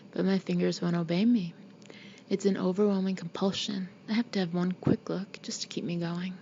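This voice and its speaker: Breathy, gravelly woman narrating an audiobook. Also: mid-range voice, dark tone, muffled recording, slight background noise. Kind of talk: scripted first-person audiobook narration.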